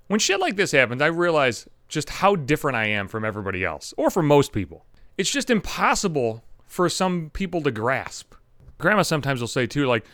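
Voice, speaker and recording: A man's voice: a little high, big pitch swings, a little fast, fairly bright tone, dry recording, clean studio sound. Profane, angry young man ranting. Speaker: podcast host. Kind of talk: solo podcast rant.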